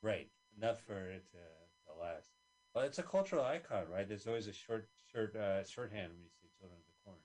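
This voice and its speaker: A man's voice: fairly low pitch, lively intonation, a little fast, a little mellow. A man co-hosting a podcast who chats casually about a movie and makes wry jokes. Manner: wry, joking comments. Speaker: podcast co-host.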